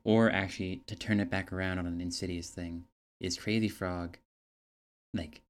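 Man, very low voice, laid-back, storytelling, casual chat. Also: fairly even intonation, normal speed, noisy background.

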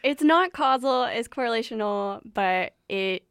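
A woman's voice: on the high side, expressive, a little slow, a bit bright, clear, resonant tone, no echo, studio quality. A woman co-hosting a radio show, chatting casually and asking her co-host questions. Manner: engaged, asks questions, psychology talk. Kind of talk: casual chat.

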